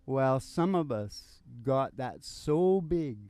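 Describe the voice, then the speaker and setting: An older man, co-host of a live show, talking in rambling, halting banter with frequent restarts. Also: medium pitch, lively intonation, mellow, clear, resonant tone. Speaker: co-host and musician. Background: live country music.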